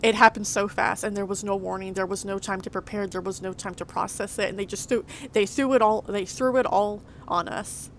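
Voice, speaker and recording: A woman's voice: medium pitch, fairly even intonation, a little fast, hardly any pauses, a little hiss or hum. A young woman crying and venting in a vlog, upset and stammering as she repeats herself. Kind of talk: emotional vlog monologue.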